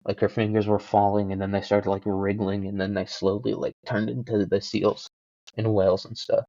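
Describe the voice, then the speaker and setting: A podcast host with a lowish, creaky, dark voice rambles casually at a moderate pace with little pitch movement, joking and often putting himself down. He fills his talk with fillers, and the dull lo-fi home mic has no echo.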